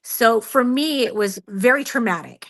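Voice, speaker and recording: In a radio interview, a woman who researches Bigfoot recounts a frightening personal experience. Her fairly high voice is bright, tense, and expressive at a normal speed, and she sounds earnest and a bit shaken, using many fillers while acting out what she said and thought at the time.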